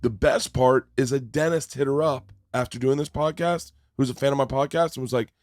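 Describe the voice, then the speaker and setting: A man in his forties hosting a podcast, chatting casually and loudly, swearing and laughing often. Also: mid-range voice, a little fast, dry recording, clean studio sound. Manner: loud, profane, laughs often. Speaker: podcast host. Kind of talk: casual chat. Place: podcast studio.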